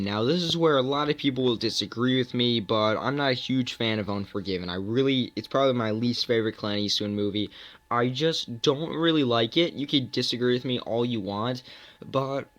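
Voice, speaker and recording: A man's voice: mid-range voice, animated, moderate pace, fairly bright tone. A young man casually reviewing films, rambling with many fillers and self-mocking asides. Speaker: movie reviewer.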